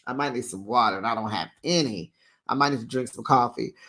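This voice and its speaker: A host recapping a reality show in a casual, chatty way, with playful shade and lively asides. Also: mid-range voice, fast talker. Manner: animated, chatty, playfully shady.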